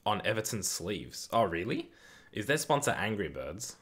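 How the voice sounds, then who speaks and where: With a lowish voice at normal speed, the young UK host of a football watch-along reads chat out loud, swears, gets excitable and keeps the talk casual.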